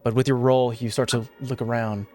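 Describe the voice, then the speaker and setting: A man's voice: medium pitch, brisk, faint music behind. Man narrating as game master. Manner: relaxed, many filler "uh"s.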